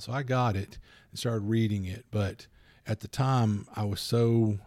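A man in casual podcast talk, his voice gravelly with fry and recorded dry and close. He rambles, jumps between asides and acts out bits of dialogue in quick put-on voices, a little foggy from allergies. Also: on the low side, fairly even intonation, darkish tone, no room sound. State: addled by allergies. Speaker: podcast co-host. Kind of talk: casual chat.

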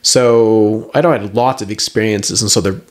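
A middle-aged man with a fairly low voice tells a long personal story as a guest. His delivery is animated and rambling, full of "like" and "you know" as he pushes through the tale. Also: measured pace. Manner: animated, rambling with many fillers. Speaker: guest, herbalist. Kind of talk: storytelling in conversation.

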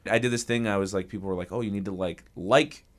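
A man, a comedian, guests on a casual podcast and airs his complaints with a wry edge. His voice sits very low, and he talks at a fast clip. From Canada. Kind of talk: casual chat.

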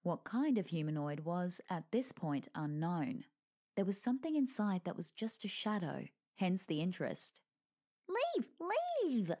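A woman's voice: fairly low pitch, animated, normal speed, dark tone. A woman reading a lighthearted fantasy story aloud with wry narration.

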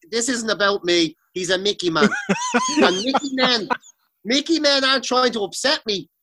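An Irish man telling stories in a casual comedic rant, sweary and animated. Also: sits high. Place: sitting on the floor of a room.

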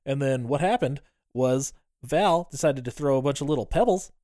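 A man co-hosting a podcast, retelling a film's plot in casual, animated chat and swearing freely. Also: medium pitch, normal speed, dry recording, clean studio sound. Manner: animated retelling with quoted voices, frequent swearing. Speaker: podcast co-host. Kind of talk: casual movie recap chat.

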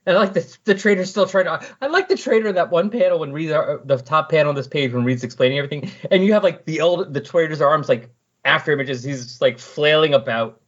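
A podcast host chats casually while recapping comic book scenes, animatedly acting out the characters' lines. His voice is a little high and he talks fast. The sound is lo-fi.

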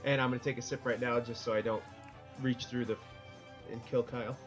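A man's voice: mid-range voice, flat delivery, brisk, over music, poor audio. Rambling, jokey middle-aged man. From Connecticut, US. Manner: rambling, jokey, self-interrupting. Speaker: podcast co-host. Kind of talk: casual roundtable chat.

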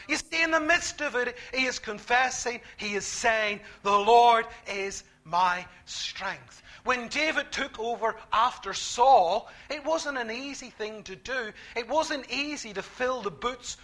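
A man preaching a sermon, emphatic, repeating key phrases and swinging between quiet, slow lines and loud ones. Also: very high voice.

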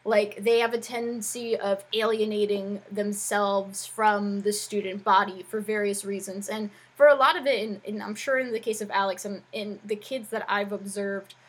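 A woman's voice: mid-range voice, steady tone, moderate pace, few pauses, husky, low-quality recording. A woman who works as an educator, co-hosting a casual chat and talking in a rambling way full of "like" fillers. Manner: chatty, rambling, with frequent "like" fillers. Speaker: podcast co-host and educator.

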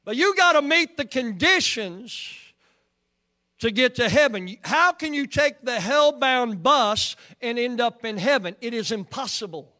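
A man with an Oklahoman accent preaching a sermon in a church. His voice sits very high for a man. He talks in a folksy manner and keeps asking the congregation questions. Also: animated, measured pace, sharp tone. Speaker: pastor.

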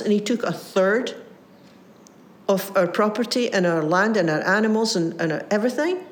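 A woman preaching a sermon, retelling a parable with lively voiced quotes and frequent restarts. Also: fairly high pitch. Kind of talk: sermon storytelling.

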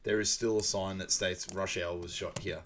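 A young man with a fairly low voice chats through a film recap for a podcast. He laughs often and bursts into loud quoted lines. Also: little pitch movement, moderate pace, noisy background. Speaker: podcast co-host. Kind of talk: casual movie recap chat.

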